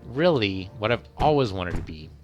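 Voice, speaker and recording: A man's voice: lowish voice, sing-song, normal speed, soft background music. A man voicing a greedy fairy-tale wife who keeps demanding more, speaking in a wheedling, insistent way.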